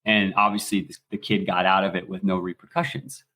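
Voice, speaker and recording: A middle-aged American man telling stories as a podcast guest, animated and swearing freely in casual talk. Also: sits low, brisk, slight background noise. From United States. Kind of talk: casual storytelling.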